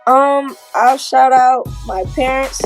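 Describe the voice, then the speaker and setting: A young woman from Minneapolis, a basketball player, answering interview questions in a plain, soft-spoken way. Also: sits high, slow, soft background music. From Minneapolis, USA.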